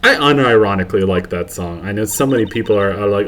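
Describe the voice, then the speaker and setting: A man's voice: lowish voice, fairly quick, hardly any pauses, a little hiss or hum. Rambling man narrating a game playthrough. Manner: rambling, self-deprecating, full of fillers and asides. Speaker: let's play host. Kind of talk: casual gameplay commentary. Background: faint game music.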